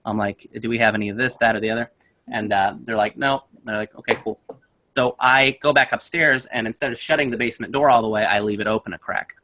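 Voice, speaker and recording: A man's voice: fairly low pitch, quick pace. A young man casually telling a spooky story, acting out the voices in it. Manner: animated, acts out voices in his story.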